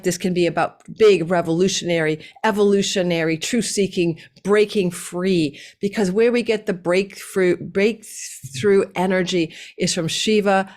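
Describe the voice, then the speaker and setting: A woman hosting her own astrology channel, talking straight to viewers in a lively way, running through lists and leaning hard on key words. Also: on the low side. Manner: enthusiastic, tumbling lists with sudden stresses. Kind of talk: casual monologue to viewers.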